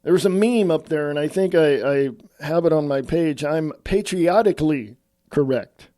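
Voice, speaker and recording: A middle-aged man from California speaks bluntly and with strong opinions, talking straight to his viewers. His voice sits slightly high and sounds mellow and relaxed. The recording is dry and close. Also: normal speed, dry recording. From California, USA. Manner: blunt, opinionated, addresses listeners as folks. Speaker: online commentator. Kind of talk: casual political rant to camera.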